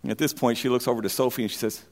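A man preaching a sermon, opening with folksy, self-deprecating jokes in a halting way before moving into scripture. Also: mid-range voice, steady tone, in a large hall, a little hiss or hum.

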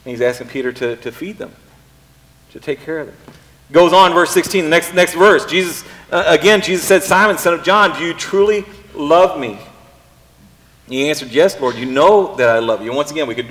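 A pastor preaching a casual sermon, often pausing and repeating words as he thinks aloud. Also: fairly high pitch, fairly bright tone. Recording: long reverb in a hall.

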